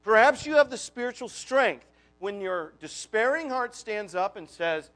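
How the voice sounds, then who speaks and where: Casting note: man with a very high voice, chatty sermon, asks the congregation lots of questions. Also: expressive, measured pace, fairly bright tone. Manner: conversational, full of rhetorical questions. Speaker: preacher. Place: church.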